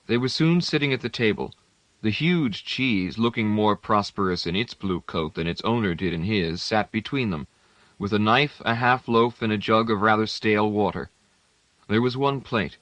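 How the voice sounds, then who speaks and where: Low-voiced male audiobook narrator. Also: no room sound, muffled recording. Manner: measured, steady literary reading. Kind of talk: scripted narration.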